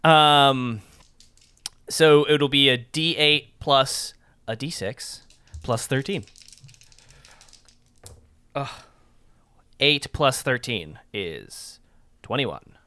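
A tabletop game player who thinks out loud with "um" and gets excited over dice rolls. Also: mid-range voice, very slow, pauses often, clear, resonant tone, dry recording, studio quality. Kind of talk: casual tabletop game chat.

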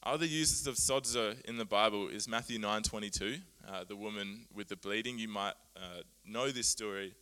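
A man preaching a sermon, earnest and animated, often laughing at himself as he explains Bible words. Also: on the low side, normal speed, hardly any pauses, clear, resonant tone.

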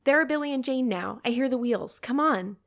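A woman's voice: high voice, lively intonation, brisk, voice pushed up. A woman doing an eager, dreamy teenage girl. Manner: romantic, effusive.

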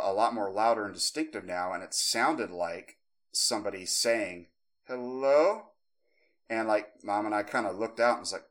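A man in his thirties, a podcast co-host telling a long story, rambling with many fillers and restarts, and acting out the voices in it. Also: fairly low pitch. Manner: animated, acts out voices in the story.

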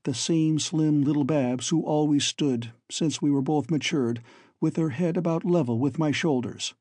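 A man narrating a story in the first person as an audiobook reader, in a measured, steady storytelling manner. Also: a little high, no room sound, clean studio sound.

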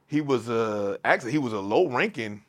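A man's voice: mid-range voice, expressive, brisk. Man telling a long story on a podcast, restarts a lot, repeats himself, aave grammar. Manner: speaks in African American Vernacular English. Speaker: podcast guest. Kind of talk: casual storytelling conversation.

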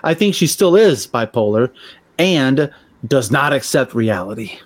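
A man's voice: mid-range voice, animated, unhurried, no room sound. A man, telling blunt, profane stories in casual podcast chat and acting out the voices of people he quotes. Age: 40s. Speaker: podcast co-host.

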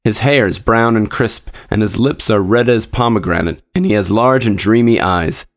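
A noble statue prince from a storybook fairy tale, sorrowful yet gently commanding, as a male reader puts him on. The voice sits low and slow, with a solemn weight on each phrase. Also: natural voice.

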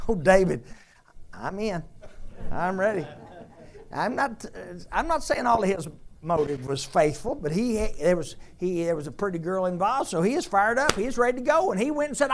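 Animated storytelling male preacher. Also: sits high, normal speed. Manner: animated storytelling, later drops to quiet earnest appeal. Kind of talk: sermon.

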